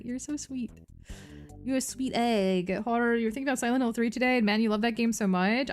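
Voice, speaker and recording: Brisk and on the high side, this young New Jersey woman speaks with a New Jersey accent while chatting on a live stream. Playful and giggly, she reads chat messages out loud and swears without restraint over faint background music.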